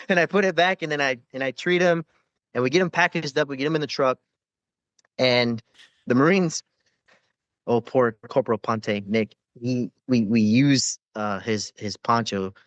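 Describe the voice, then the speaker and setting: Casting: male podcast guest, rough-edged storyteller, cursing freely, dry close sound with a dull top end. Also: mid-range voice, a little slow, no echo. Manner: profane, rambling war stories with frequent fillers and laughs. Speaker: podcast guest, former Navy corpsman. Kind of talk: casual storytelling interview.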